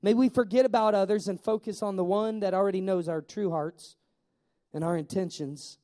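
Male pastor, high mellow voice, animated storytelling sermon. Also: normal speed.

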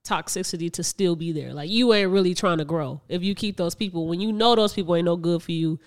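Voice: medium pitch, fairly quick. A young adult podcast co-host in casual chat, telling stories with frequent laughs and mid-sentence restarts.

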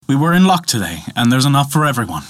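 Odin the old god, smooth and airy, talking his way out, storyteller man doing him a bit higher, dry close sound. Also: very animated, no echo, natural voice. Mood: calm. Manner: airy, measured pleading.

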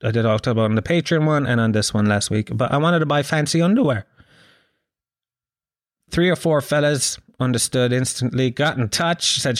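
A man's voice: medium pitch, moderate pace, no echo, clean studio sound. A young Irish man hosting a podcast, telling rambling, profane comic stories in a jokey monologue. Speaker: podcast host.

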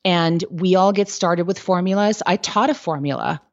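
A woman with a lower-pitched voice talks through business advice in an interview, candid and full of quick stories. Her speech is loose, peppered with "like" and "um." The recording sounds dull and lo-fi, as if captured over a remote call. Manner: candid, lively storytelling with frequent "like" and "um". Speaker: guest.

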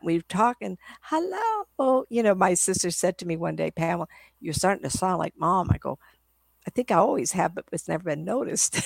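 Chatty and prone to wandering tangents, an older psychic medium guest shares stories during a relaxed interview. She speaks in a low voice with vocal fry, and the recording is dry.

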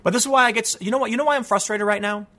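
A man's voice: high voice, fairly even intonation, rapid-fire, pushed and bright. A man giving solo political commentary as host, ranting in a frustrated, emphatic way with many restarts.

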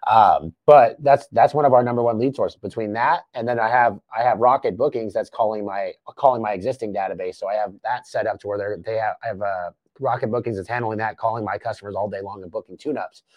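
A man's voice: fairly low pitch, quick pace, few pauses, a little mellow, no room sound. A man hosting a business podcast, coaching emphatically and swearing at times. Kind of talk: casual business podcast chat.

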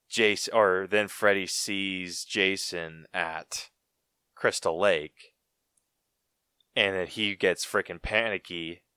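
Low, slow-talking male podcaster. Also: bright, forceful tone, clean tone, no echo, clean studio sound. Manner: rambling, laid-back, says "like" often. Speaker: podcast co-host. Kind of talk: casual chat. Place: podcast studio.

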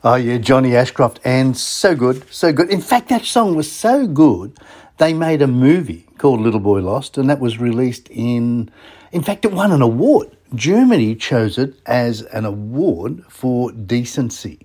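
A man's voice: mid-range voice, expressive, a little slow, mellow, husky. A man hosting a radio show in casual talk, chatting to listeners and firing off rhetorical questions.

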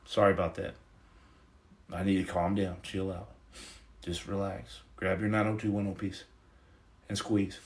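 A man's voice: deep voice, little pitch movement, normal speed, pauses often. A middle-aged man hosting a livestream, giving his testimony in an earnest, preachy, casual way into his phone. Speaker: livestream host.

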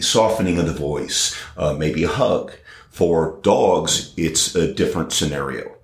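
A man working as a dog trainer, talking through his experience in an interview. He pauses often and fills gaps with "uh" and restarts. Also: a bass voice. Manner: hesitant, many fillers and restarts. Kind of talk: conversational interview. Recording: roomy echo.

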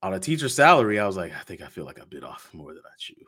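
A man's voice: fairly low pitch, huge pitch swings, racing, creaky, a bit bright, husky. A man, a podcast host being interviewed, telling a story in casual chat and acting out the quoted dialogue with laughs.

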